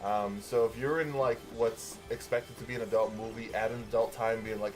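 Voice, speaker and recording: Relaxed, foul-mouthed male podcast host. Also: lowish voice, a little fast, hardly any pauses, music in the background. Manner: relaxed, swears freely, many fillers. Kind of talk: casual movie review chat.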